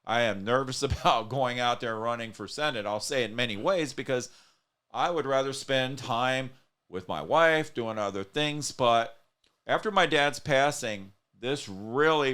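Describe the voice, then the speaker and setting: A man hosts a casual talk show, talking earnestly and at length to his viewers. His voice is smooth and clear, at an ordinary middle pitch. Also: moderate pace, fairly bright tone. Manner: earnest, rambling, speaks straight to viewers. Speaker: show host.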